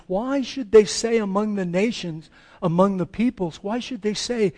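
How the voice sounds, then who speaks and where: An American man, a pastor, preaching a dramatic sermon, swinging between loud pleading and slow hushed reading. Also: high voice. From United States. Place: church sanctuary.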